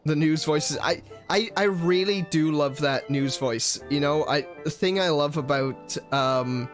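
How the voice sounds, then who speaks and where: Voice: mid-range voice, soft background music. Rambling streamer chatting between game lines. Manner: rambling, halting, many restarts. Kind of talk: casual game commentary.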